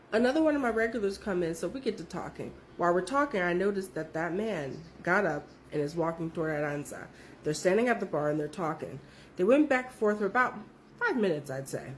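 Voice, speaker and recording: A woman's voice: medium pitch, slight background noise. A young woman telling her own story in a casual, profane, emphatic way.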